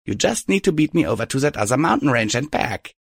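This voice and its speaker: A man's voice: mid-range voice, big pitch swings, quick pace, vocal fry, breathy edge, no room sound, clean studio sound, pitched above the performer's own voice, heavily acted. A man reading a story and voicing a coy, smug female alicorn pony villain who mocks lazily. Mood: taunting. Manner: teasing, lazily mocking. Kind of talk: audiobook reading of fan fiction.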